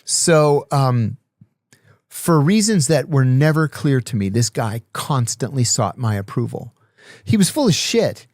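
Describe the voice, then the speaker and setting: A middle-aged man spins stories with a lively, swinging pitch, jumping into the voices of the people he describes. His tone sits in an ordinary middle register, and the recording is dry and close. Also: a little slow, no room sound. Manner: animated storyteller, acts out dialogue. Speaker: podcast guest, former intelligence officer. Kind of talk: casual storytelling.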